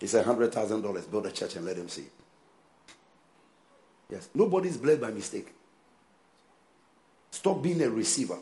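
Lively, emphatic preaching man. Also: on the low side, moderate pace, pauses often. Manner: emphatic preaching with call-and-response and repeated phrases. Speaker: pastor. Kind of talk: sermon.

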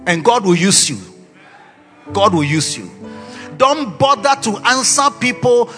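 Impassioned preacher in a reverberant hall. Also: male voice, sits high, big pitch swings, measured pace. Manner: impassioned preaching, rising shouts and sung phrases. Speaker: pastor. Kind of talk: sermon. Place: conference hall. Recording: long hall reverb, faint music.

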